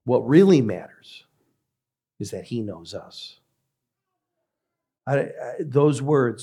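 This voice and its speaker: A man who is a pastor, preaching a sermon in a measured, emphatic way with deliberate pauses. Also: mid-range voice, expressive, dark tone, breathy edge.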